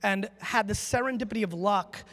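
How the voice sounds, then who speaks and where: A high-voiced man speaks from a conference stage, brash and emphatic, swearing freely as he drives his points home. His voice rings out with the long reverb of a big hall. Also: a little fast, fairly bright tone. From United States. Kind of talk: live stage talk with audience Q&A.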